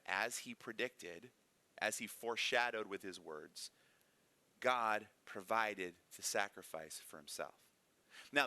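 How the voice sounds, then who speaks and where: Dry recording of a man with a fairly low, sharp voice. He teaches a casual church-classroom Bible lesson in a conversational style, frequently asking a rhetorical "right?"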